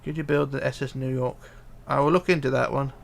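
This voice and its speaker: A man's voice: medium pitch, steady tone, brisk, creaky. A man streaming live, reading viewer comments aloud and muttering to himself as he builds, with hesitant fillers. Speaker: livestreamer. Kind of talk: casual live stream chat while building.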